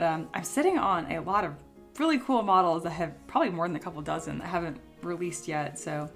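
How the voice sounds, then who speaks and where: Young woman, relaxed livestream teacher, talks through her work and chats with viewers; voice still a bit rough. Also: fairly low pitch. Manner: chatty, reads chat aloud and answers. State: voice still recovering from illness. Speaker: sculpting livestream host. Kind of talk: casual livestream tutorial.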